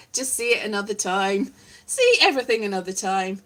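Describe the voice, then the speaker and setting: A woman's voice: a little high, animated, moderate pace, bright, forceful tone. A woman in a wry, self-deprecating, meandering casual monologue, vlogging with a guitar strummed in the background.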